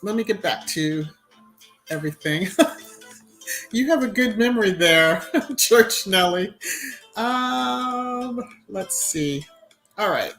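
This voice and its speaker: A woman hosts a casual live stream in an unhurried, chatty voice. Her pitch sits in a middle range, and she breaks off her talk to greet viewers by name. Soft music plays faintly in the background. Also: expressive.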